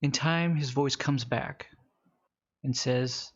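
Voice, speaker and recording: A man running a tabletop game as game master, narrating casually with fillers and slowing down for calm scenes. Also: mid-range voice, slightly rough, lo-fi sound.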